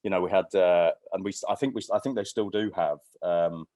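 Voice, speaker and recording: Deep-voiced man telling stories. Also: brisk, warm tone, no echo. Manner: rambling, with many restarts and fillers. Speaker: podcast guest. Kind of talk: casual storytelling chat.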